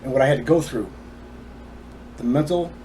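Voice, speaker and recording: A man's voice: medium pitch, moderate pace, warm tone, a little hiss or hum. A man telling his personal story to the camera in an emphatic, indignant way.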